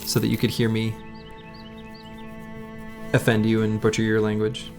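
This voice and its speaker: A man's voice: lowish voice, monotone, normal speed, music in the background. A man casually commenting on his game as he plays, thinking aloud and chatting with his viewers. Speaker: game streamer.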